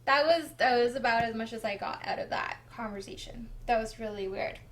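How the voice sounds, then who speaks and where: A young woman vlogger casually telling a personal story, chatty and animated, with frequent fillers. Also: on the high side, a little fast.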